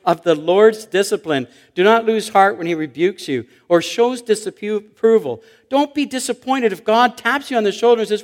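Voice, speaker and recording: Male pastor, slightly high voice, sermon delivery with dramatic loud-soft swings, long hall reverb. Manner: storytelling preacher, swings between loud emphasis and hushed asides.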